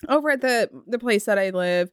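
A woman guest in a studio, casually telling ghost stories with lively laughs and acted-out bits. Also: mid-range voice, brisk, clean tone, dry recording. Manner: animated, laughs often, acts out voices. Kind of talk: casual storytelling chat.

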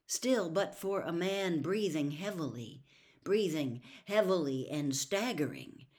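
Low-voiced woman reading a novel aloud. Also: animated. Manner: slow, measured, hushed storytelling. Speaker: story reader.

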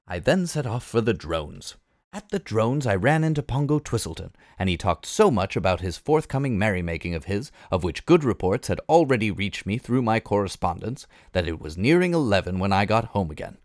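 A man reading a comic novel aloud, lively and expressive in his storytelling. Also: fairly low pitch, a little fast, no room sound, clean studio sound. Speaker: reader.

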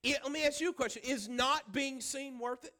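A man's voice: very high voice, a little fast, sharp tone. A man preaching a sermon as pastor. He speaks emphatically, repeats his phrases and asks the congregation questions.

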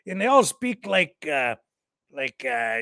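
Rambling commentator, lively voice. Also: mid-range voice, takes it slowly, no room sound, studio quality. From Canada. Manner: joking, rambling, mock-outraged with frequent fillers. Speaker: livestream news show co-host.

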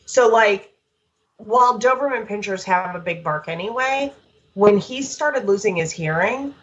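A woman dog trainer talking in a lively, storytelling way, full of quick asides. The recording is a bit dull and lo-fi, as if the highs were rolled off. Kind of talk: casual conversational chat.

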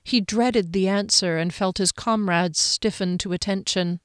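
Woman, audiobook narrator, smooth clear voice, dry close sound. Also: a little slow, no echo. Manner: calm, even storytelling that shifts pitch for quoted characters.

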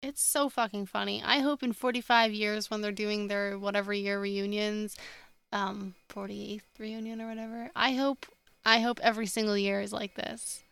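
A woman's voice: mid-range voice, steady tone, normal speed, vocal fry, fairly bright tone, clear, resonant tone, dry recording. A woman co-hosting a fan podcast in casual chat, rambling and swearing casually. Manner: rambling, swears casually, reads listener mail aloud. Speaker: podcast co-host.

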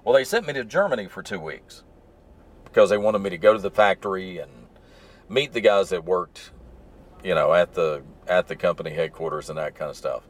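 A deep-voiced man with a light Southern accent rambles through easygoing stories. He talks to his listeners from the driver's seat of his truck. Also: animated, fairly quick. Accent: mild Southern US. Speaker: podcast host. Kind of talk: casual solo storytelling while driving. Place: in his truck stuck in traffic.

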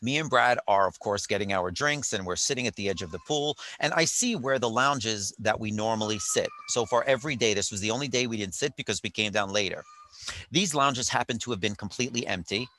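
Bright-toned man, chatty and rambling. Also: fairly low pitch, fairly quick. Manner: chatty, rambling, wry asides. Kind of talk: casual storytelling monologue. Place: hotel on vacation.

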